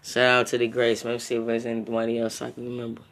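A young man riffs alone on his podcast, swearing freely and drifting from one thought to the next. He speaks at a middling pitch and addresses his listeners directly, tacking on casual tags like bro and my friend. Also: monotone, fast talker, fairly bright tone. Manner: profane, loose and rambling, talks straight at listeners. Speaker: podcast host. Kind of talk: casual solo podcast rant.

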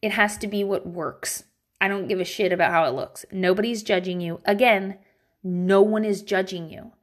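A woman talking casually from home to viewers about parenting, blunt and profane, with lots of filler words and sudden swings in pitch. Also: normal speed. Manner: animated, jumps between high and low pitch. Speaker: parent vlogging about teaching her kids at home. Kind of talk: casual, candid advice talk to viewers.

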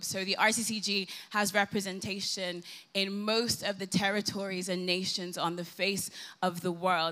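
Young Irish woman, preacher. Forceful, bright delivery, animated and funny. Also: mid-range voice. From Ireland. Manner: animated and humorous, building emphasis by repeating phrases. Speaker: guest speaker. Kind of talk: preaching with personal storytelling. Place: live worship gathering.

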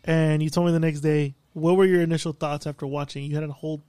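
A man co-hosting a podcast, recapping a movie in a profane, animated storytelling style. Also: on the high side, fast talker, clear, resonant tone, no room sound, clean studio sound. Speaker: podcast co-host. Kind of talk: casual chat, movie recap.

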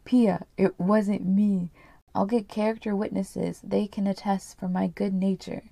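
A woman's voice: mid-range voice, level tone, measured pace, vocal fry, dark tone, no echo. A woman reading the lines of a desperate jailed husband pleading with his wife. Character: pleading male prison inmate husband.

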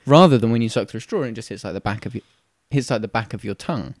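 A British man co-hosting a podcast, telling stories in a casual, animated way with frequent laughs. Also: on the low side, very fast, no room sound, studio quality. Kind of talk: casual chat.

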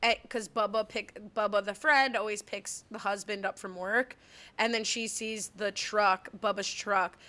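Bright-voiced laughing young woman. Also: mid-range voice, fairly even intonation. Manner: quick, laughing, jumps in often. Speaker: podcast co-host. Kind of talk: casual chat recapping a movie.

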